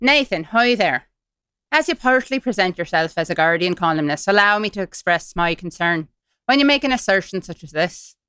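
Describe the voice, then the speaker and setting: A woman's voice: fairly low pitch, animated, normal speed, bright, forceful tone, clear, resonant tone, dry recording, studio quality. A woman putting on an Irish accent to read out a stern male editor's formal letter. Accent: put-on Irish. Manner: mock-formal, reading aloud.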